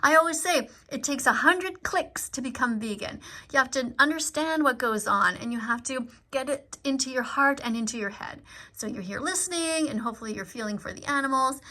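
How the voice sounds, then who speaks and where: A middle-aged woman chatting on a live stream, her voice bright and fairly high. She talks in an earnest, pleading way and lectures her viewers as she reads their comments out. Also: a little fast. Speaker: vegan activist reading live-stream comments. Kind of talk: casual live-stream chat.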